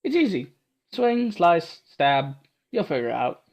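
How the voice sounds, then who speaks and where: A man's voice: on the high side, sing-song, measured pace, vocal fry, full character voice. A man voicing a bossy swordswoman, Scottish. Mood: curt. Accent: put-on Scottish. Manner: brusque, commanding. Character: gruff tough woman swordswoman, blunt and bossy. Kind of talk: reading a visual novel aloud.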